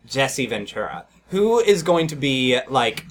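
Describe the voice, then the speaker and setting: A man hosting a comedic podcast, animated and laughing often as he riffs. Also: mid-range voice, measured pace, slight background noise. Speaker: podcast host. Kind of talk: casual comedic chat.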